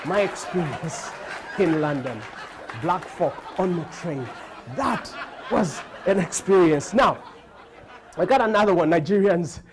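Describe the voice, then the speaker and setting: Animated Ugandan comedian, lively pitch. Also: male voice, measured pace, crowd noise, noisy background. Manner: animated, frequent voice switching and laughter. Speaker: stand-up comedian. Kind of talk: stand-up comedy storytelling.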